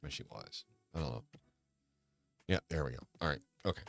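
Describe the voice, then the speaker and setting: Man, very deep voice, gravelly, rambling livestream chat, hesitant, faint music behind. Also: normal speed. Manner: rambling and hesitant, with many restarts and sighs. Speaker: livestream host.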